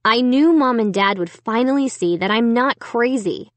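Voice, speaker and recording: A woman's voice: a little high, expressive, normal speed, no echo. A woman narrating a children's horror book in the first person, reading steadily and with suspense. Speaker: audiobook narrator.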